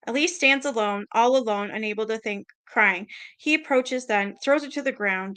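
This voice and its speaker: Woman, casual read-aloud, bright voice, stumbles and swears, reacts as she reads. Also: mid-range voice, moderate pace. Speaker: storyteller reading a book aloud.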